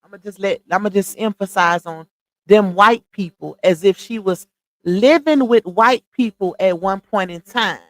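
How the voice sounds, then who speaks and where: A woman's voice: mid-range voice, moderate pace, no room sound, low-quality recording. A woman hosting a casual livestream, chatty, calling her viewers y'all and stopping often to dig up screenshots. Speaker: livestream commentary host.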